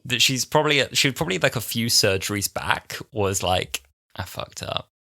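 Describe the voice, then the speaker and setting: A man's voice: mid-range voice, lively intonation, normal speed, gravelly, pushed and bright. A man in his twenties co-hosting a podcast in casual chat, breaking into silly voices to quote scenes. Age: 20s. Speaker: podcast co-host.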